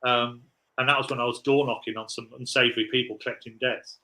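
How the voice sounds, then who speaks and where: A man's voice: medium pitch, flat delivery, quick pace, bright, forceful tone, poor audio. A man in his forties, a podcast guest, telling rambling, laughing anecdotes in casual chat.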